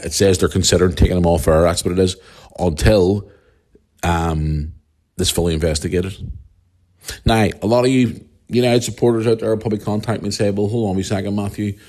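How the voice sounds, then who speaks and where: A man's voice: low voice, a little mellow. A man with a Northern Irish accent hosting a podcast alone, ranting angrily and bluntly with heavy swearing. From Northern Ireland. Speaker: podcast host. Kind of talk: solo podcast rant.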